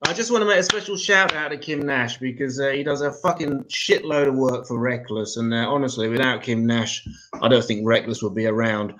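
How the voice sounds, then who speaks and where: A man's voice: mid-range voice, a little fast, a bit bright. A man hosting a comedy open mic and doing crude stand-up one-liners.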